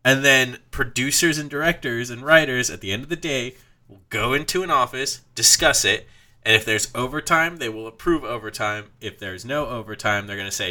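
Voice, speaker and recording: A man's voice: medium pitch, normal speed, pushed and bright. A man co-hosting a podcast, talking in an emphatic, ranting way in casual chat. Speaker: podcast co-host.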